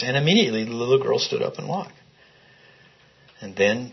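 A man's voice: medium pitch, moderate pace, husky. A man leading a Bible study, reading scripture aloud and putting questions to a small group in the room. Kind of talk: interactive Bible teaching. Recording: dull lo-fi recording.

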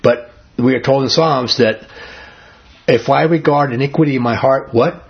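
A man's voice: medium pitch, moderate pace, gravelly, slightly rough. A man leading a Bible study in an earnest, conversational teaching style, often asking his group questions. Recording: dull lo-fi recording.

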